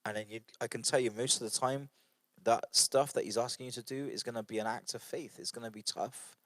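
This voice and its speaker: A man's voice: medium pitch, steady tone, fairly quick, a bit bright, no echo. A man leading a church book study group in an informal devotional talk. He sounds earnest and conversational, with fillers and repeated phrases.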